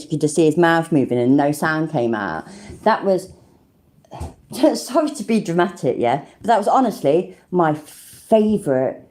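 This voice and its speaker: A British woman hosts a casual livestream chat. Her voice is low and warm, and it swings widely in pitch as she chats and laughs. She swears freely and talks easily to her viewers. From Britain. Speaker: livestream host.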